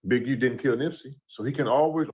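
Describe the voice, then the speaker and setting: A man's voice: medium pitch, fairly quick, a little mellow. A man giving casual commentary on a court case, talking loosely and often adding "you know what I'm saying".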